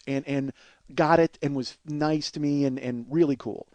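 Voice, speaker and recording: A man's voice: medium pitch, moderate pace, dark tone, dry recording. A man in the middle of his range tells a long comedy story, swearing freely and stopping to restart his sentences. He now and then slips into voices of the people he describes. The sound is close and dry, with no room around it. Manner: profane, rambling anecdote with restarts; mimics other people's voices. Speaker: comedian podcast host. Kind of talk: storytelling monologue.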